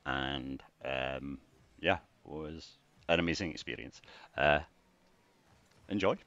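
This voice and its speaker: A man's voice: a bass voice, slow pace, no room sound. Rambling Scottish man, lo-fi and dry. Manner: rambling, jokey, swings between mumbling and bursts of excitement. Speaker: vlogger. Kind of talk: casual rambling monologue to camera. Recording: dull lo-fi dry recording.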